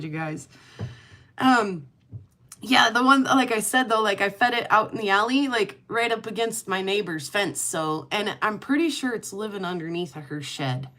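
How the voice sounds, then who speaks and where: Middle-aged woman host with a slightly high voice, chatting in a loose, giggly way. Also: lively intonation, normal speed, fairly bright tone. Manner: chatty and rambling, laughs often. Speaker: livestream host. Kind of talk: casual chat.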